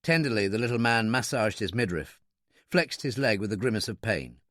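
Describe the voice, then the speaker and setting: A man narrating a wartime thriller audiobook with an expressive, dramatic reading. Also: fairly low pitch, brisk, no echo, clean studio sound. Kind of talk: scripted narration.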